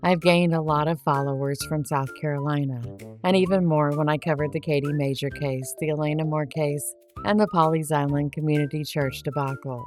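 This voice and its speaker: A woman hosts a true crime podcast and talks back to her critics in a sarcastic, defiant monologue. Her voice sits low, and her tone stays pointed and unbothered. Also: steady tone, a little fast, darkish tone, soft background music. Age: adult, married. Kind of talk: monologue to camera.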